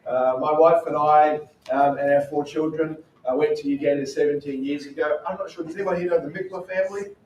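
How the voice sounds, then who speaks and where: A man's voice: fairly high pitch, steady tone, fairly quick, hardly any pauses, darkish tone, lo-fi sound, slight background noise. A man with an Australian accent, a missionary speaking to a church group in a chatty, storytelling way full of fillers. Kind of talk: casual talk to a church group. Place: church hall. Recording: roomy echo from a distant mic.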